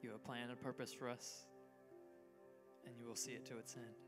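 Man praying over music, flat voice. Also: medium pitch, brisk. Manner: earnest, steady prayer over soft music. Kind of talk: spoken prayer. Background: music playing.

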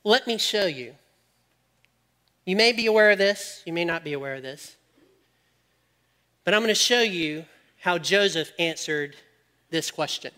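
A man delivers a sermon in a high, bright voice. He is animated, jokes with his listeners, and drops to hushed questions. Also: unhurried, long pauses. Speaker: preacher.

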